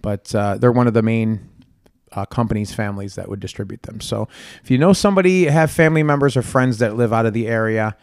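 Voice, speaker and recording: A man's voice: on the low side, fairly quick, dry recording. Man, host, casual chat, rambling, hunts for words, from central new york, dry close sound. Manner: rambling, searching for words, laughs often.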